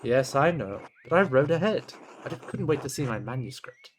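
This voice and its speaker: A man's voice: medium pitch, lively intonation, moderate pace, a little hiss or hum, close to an everyday voice. A man voicing an eager male baron in a game, reading his lines in an affected formal way.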